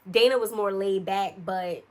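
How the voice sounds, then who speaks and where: A young woman in the middle of a casual storytime, her voice sitting at an ordinary pitch. She chats loosely and talks straight to her viewers, with plenty of slang. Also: a little slow, a little mellow. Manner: chatty, addresses viewers directly, slangy. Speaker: vlogger telling a story.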